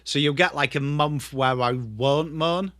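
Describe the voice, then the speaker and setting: A man's voice: fairly high pitch, a little slow, bright, forceful tone, no echo, studio quality. An English man in his thirties, host of a casual live stream, chatting loosely and swearing as he answers viewers. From England. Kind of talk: casual live watchalong chat.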